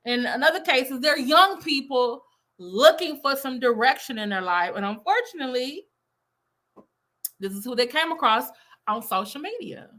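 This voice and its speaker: Brief: woman, reaction commentator, bright voice, fairly high, rambling and doubtful. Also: lively intonation, moderate pace. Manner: rambling, many fillers, skeptical. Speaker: teacher and commentator.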